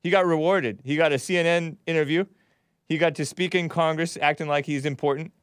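A man's voice: fairly high pitch, fairly even intonation, brisk, clean tone, no room sound, studio quality. A man hosting a live talk show, commenting sardonically and laughing often. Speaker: host.

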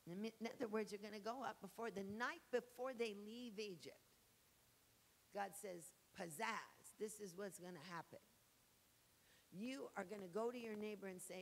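A woman preaching a sermon with fervor, swinging from loud exhortation to soft acted asides. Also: mid-range voice, normal speed, poor audio. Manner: fervent, shifting between shouted exhortation and soft acted asides.

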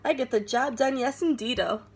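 A woman's voice: sits high, moderate pace, a little hiss or hum. A woman voicing a playful, boastful young male kitten in a sing-song put-on Spanish accent.

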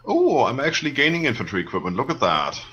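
A man's voice: mid-range voice, huge pitch swings, quick pace, pushed and bright, breathy edge, highs cut off, soft background music. A man with a Bavarian accent chatting and teasing his friend while playing a strategy game. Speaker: gamer. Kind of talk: casual gaming chat.

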